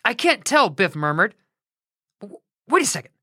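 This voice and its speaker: A woman's voice: medium pitch, big pitch swings, moderate pace, sharp tone, no echo, clean studio sound. A woman voicing a bored young male gate guard who talks in an easygoing, slangy way. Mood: chatty.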